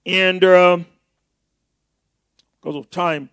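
A man preaching a sermon as pastor, with bursts of loud emphasis and mocking asides. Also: high voice, steady tone, extremely slow, smooth, dry recording.

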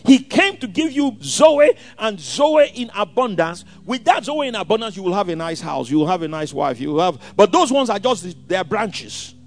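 High, lively preaching man. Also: moderate pace, hardly any pauses. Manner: dramatic, swings from hushed to shouted quotes. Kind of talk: sermon.

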